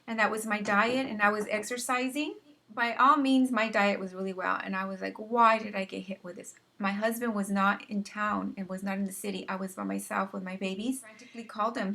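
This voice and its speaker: A young woman with a bright, ringing voice recounts a hard time in her life. She talks in a casual, earnest way, often stopping and repeating words as she finds her thread. Her pitch sits in an ordinary middle range for a woman. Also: vocal fry. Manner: earnest, halting, with many restarts and repeated words. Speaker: vlogger sharing personal story. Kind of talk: personal testimony, casual storytelling.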